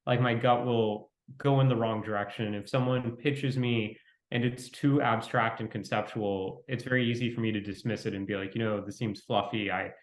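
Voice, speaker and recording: A man speaking as an interview guest, talking quickly in a fairly flat, reflective way. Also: medium pitch. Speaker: venture capitalist guest. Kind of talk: conversational interview. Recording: roomy echo.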